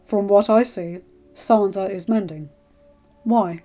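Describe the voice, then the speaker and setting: A woman gives voice to a grave lord and father, firm and measured in every word. The sound is slightly dull, with quiet music underneath. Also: medium pitch, natural voice. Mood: stern.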